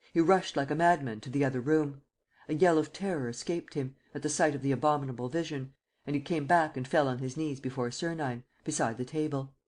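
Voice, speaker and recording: A woman narrating a classic detective novel as an audiobook in a steady, measured way. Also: low voice. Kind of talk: scripted narration.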